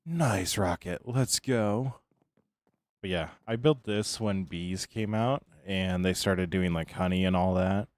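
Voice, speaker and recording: A streamer with a very low voice chats casually on a live stream, relaxed and greeting viewers in his chat by name one at a time. He sounds tired yet friendly and unhurried. The audio is dry and close, with no room echo.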